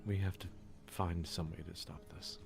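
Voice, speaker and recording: Man doing a young farm wife, worried and loving, hushed pleading, very low voice, music behind. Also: level tone, moderate pace, vocal fry. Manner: pleading, tearful whispering.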